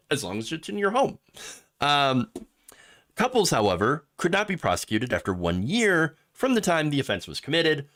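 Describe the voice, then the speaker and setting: A man's voice: a little high, measured pace, long pauses. Sarcastic man hosting political commentary. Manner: sarcastic, animated, laughs at his own jokes. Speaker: host.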